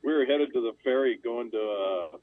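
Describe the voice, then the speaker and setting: A man's voice: mid-range voice, normal speed, no echo. An older man on a call from his car, telling a story in a chatty way and laughing along. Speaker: caller on the panel. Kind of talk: casual storytelling. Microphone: phone while driving. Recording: tinny dry phone line.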